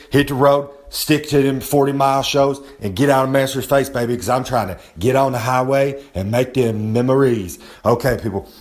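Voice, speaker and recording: A man giving a rambling, boastful wrestling-style promo outdoors. He talks about himself in the third person, swears casually and gets worked up as he goes. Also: mid-range voice. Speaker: recurring segment presenter. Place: outdoors on a humid day.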